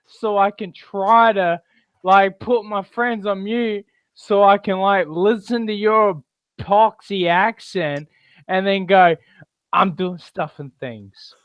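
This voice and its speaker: A man's voice: high-pitched, steady tone, takes it slowly, smooth, dry recording, voice pushed up. An Australian man doing a mocking impression of a whiny American sheriff over a dull, lo-fi mic. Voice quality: mocking, exaggerated.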